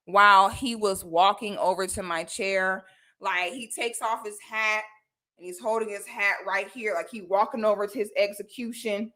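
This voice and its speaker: A woman's voice: medium pitch, unhurried. A woman vlogger telling a personal story in casual slang, acting out what people said. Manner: animated, slangy, acts out quotes.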